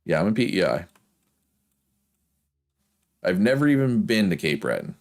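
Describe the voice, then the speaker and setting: Gaming streamer, male, deep Prince Edward Island accent, loose rambling chat with laughs. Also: very animated, moderate pace. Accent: Prince Edward Island, Canadian East Coast. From Prince Edward Island, Canada. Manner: rambling, chatty, laughs often. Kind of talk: casual chat while playing a game.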